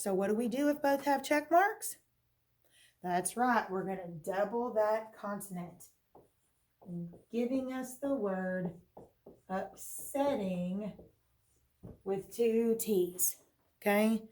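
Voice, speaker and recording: Woman teaching phonics to kids remotely, patient, keeps saying okay?, clears her throat sometimes. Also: fairly high pitch, darkish tone. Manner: patient, checks in with frequent "okay?"; asks questions then answers them herself. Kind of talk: recorded remote phonics lesson.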